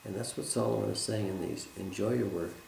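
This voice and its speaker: Deep gravelly guy teaching bible study, slow and earnest, roomy echo. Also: darkish tone, slight background noise. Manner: earnest, measured teaching with scripture quotes.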